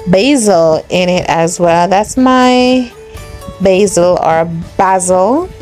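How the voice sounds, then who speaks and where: A woman's voice: medium pitch, darkish tone. A young woman with a Jamaican accent chats through a home cooking demo, talking straight to her viewers and laughing often. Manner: chatty, addresses viewers as guys, laughs often. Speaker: cooking vlogger.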